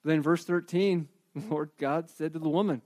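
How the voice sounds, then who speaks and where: A man preaching a sermon with animated storytelling, emphatic delivery and rhetorical questions. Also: fairly high pitch, normal speed. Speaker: pastor.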